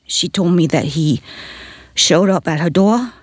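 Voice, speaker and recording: An actress reading a woman witness's court testimony in a reenactment, recalling events in an earnest, halting way. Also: fairly low pitch, expressive, slightly rough, no room sound, studio quality.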